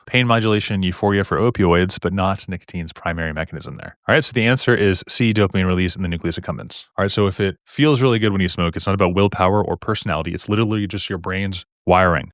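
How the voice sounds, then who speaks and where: Fast-talking deep-voiced male tutor. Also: no echo, clean studio sound. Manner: fast, chatty, jokey, asks rhetorical questions. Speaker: medical exam tutor. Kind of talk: casual recorded lecture.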